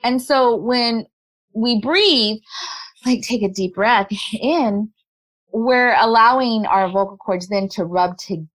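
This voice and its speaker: A woman in a remote interview, a body language specialist, explaining her points in a lively way and laughing often. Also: fairly high pitch, slow pace, poor audio. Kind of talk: conversational interview.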